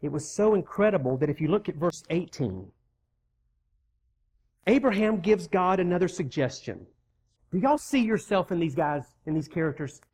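Here a preacher speaks at normal speed, medium-pitched and animated, with a darkish tone. The sermon is emphatic yet conversational: scripture is read aloud, characters' lines are performed, key words get repeated for weight, and the congregation hears casual asides.

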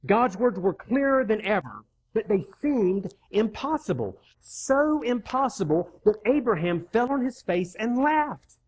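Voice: mid-range voice, lively intonation, measured pace, breathy edge. A preacher giving a sermon, emphatic and conversational, repeating key words for weight and reading scripture aloud. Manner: reads scripture aloud and acts out the characters' lines; conversational asides to the congregation.

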